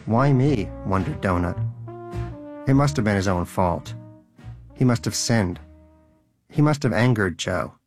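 A man's voice: on the low side, lively intonation, unhurried, long pauses, soft background music. A man narrating a storybook in a scripted, dry and wry way. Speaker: audiobook narrator.

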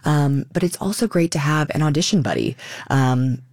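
An animated woman in her thirties speaks as a guest on a radio interview, with a gravelly, creaky texture in her voice. She is a stage actor who acts out quoted lines as she tells a story. The studio sound is dry and close. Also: sits low, normal speed, no echo.

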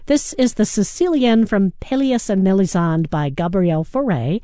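A woman hosting a classical music radio station, announcing pieces and upcoming programs in a measured, smooth announcer style from a studio. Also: mid-range voice, animated, warm tone, no room sound.

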